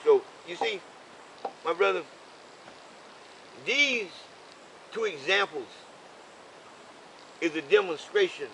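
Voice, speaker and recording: Bright-voiced older man telling a story. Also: sits high, big pitch swings, takes it slowly, long pauses, slight background noise, low-quality recording. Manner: preachy, repeats "okay?" for emphasis. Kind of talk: casual storytelling conversation. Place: in a vehicle.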